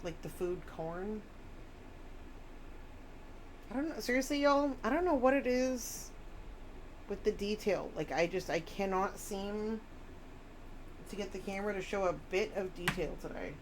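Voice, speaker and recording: A woman's voice: medium pitch, expressive, measured pace, pauses often, a little hiss or hum. A woman chatting casually on a live stream, rambling and reading chat messages aloud.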